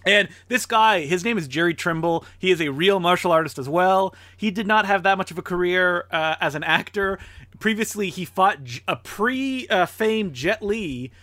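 A man's voice: high voice, lively intonation, normal speed, sharp tone, no echo. A man co-hosting a movie podcast, chatting casually and jokingly, laughing often and slipping into silly character voices. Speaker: podcast co-host. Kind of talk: casual movie review chat.

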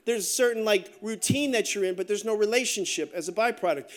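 A middle-aged man preaching a sermon as pastor, telling stories with joking asides in an animated way. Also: sits high, a little fast.

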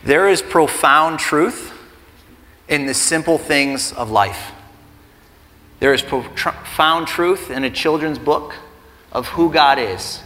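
A man in his thirties preaches as a pastor in a church sanctuary, his voice a little high, slow, pushed and bright. His delivery is conversational but builds to earnest emphasis, recorded in a reverberant hall with faint music.

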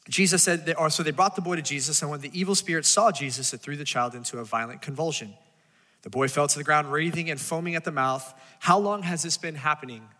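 A man's voice: a little high, bright, forceful tone, in a large hall. A man preaching a sermon as a pastor, talking casually and acting out voices as he tells the story.

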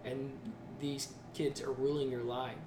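A man's voice: medium pitch, little pitch movement, a little slow, background noise. Man hosting a podcast, echoey room. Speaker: podcast host. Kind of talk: casual interview chat.

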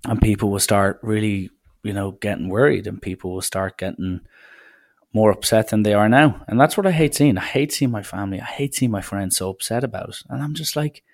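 A man's voice: lowish voice, fairly quick. Sardonic young man podcasting. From Ireland. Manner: sardonic, rambling, mock-serious. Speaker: podcast host. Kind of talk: casual solo podcast monologue.

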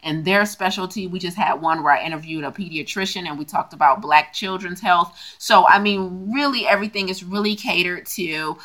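A woman co-hosts a casual podcast, speaking as a health coach with a slightly low-pitched voice. She talks in long, lively runs and leans hard on her emphatic points. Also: brisk, hardly any pauses. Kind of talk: casual chat and show promotion.

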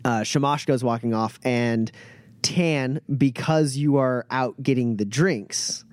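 A man's voice: mid-range voice, slow, no room sound, clean studio sound. Easygoing male game master. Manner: relaxed, filler-heavy narration. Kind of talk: narrating a tabletop game.

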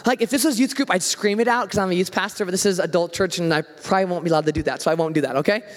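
A man's voice: high voice, rapid-fire, long reverb tail. A man who is a youth pastor, preaching a conversational sermon and acting out the prayers and voices he quotes.

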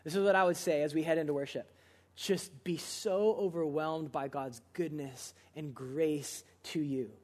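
High-voiced earnest young male preacher. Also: steady tone, a little slow. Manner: earnest, swinging between loud pleading and hushed intensity; casual, uses many filler "like"s. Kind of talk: sermon.

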